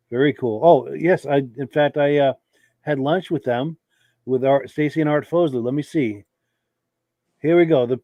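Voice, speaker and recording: With a cold wearing his voice down, a man chats through viewer comments as host of a live podcast, coughing along the way. His mid-range voice stays relaxed and conversational, peppered with fillers, and there's no echo.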